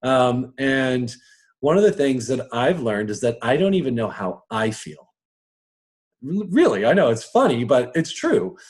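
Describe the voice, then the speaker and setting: Speaking live and casually to an audience, a man coaches on personal strengths, chuckling frequently and slipping into quick voices. His pitch is medium, with big swings, and his tone is on the dark side.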